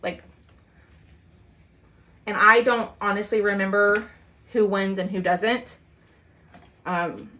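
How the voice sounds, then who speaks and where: A woman's voice: medium pitch, steady tone, sharp tone. A woman chatting casually with viewers while she demonstrates a craft during a live sale, with lots of "um"s and "y'all"s. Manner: chatty, drawn-out "y'all", many "um"s. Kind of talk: casual livestream chat.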